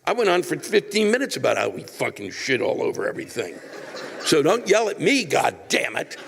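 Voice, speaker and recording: Older male comic, exasperated profane rant, gravelly voice, long reverb. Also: fairly high pitch, wildly swooping pitch, brisk, fairly bright tone, slight background noise. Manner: ranting, profane, exasperated outbursts. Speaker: comedian. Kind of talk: stand-up rant answering a viewer letter.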